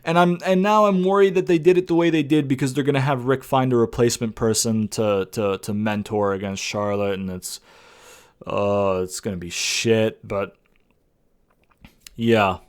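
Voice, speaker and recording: A man's voice: medium pitch, fairly even intonation, moderate pace, clear, resonant tone. A young man giving a rambling, exasperated rant reviewing a wrestling show, swearing often and restarting his sentences.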